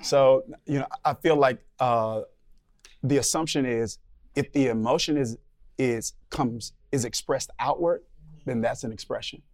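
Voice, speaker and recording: A man's voice: mid-range voice, unhurried, a little mellow. A man on a discussion panel, talking thoughtfully and searching for his words. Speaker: panel guest.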